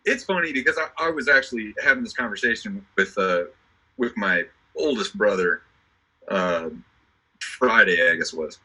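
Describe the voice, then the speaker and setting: A tired-sounding man with a lowish, husky voice and a strikingly bright edge. He jokes through a casual live-stream chat, often stumbling over and repeating his words. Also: animated, normal speed, poor audio.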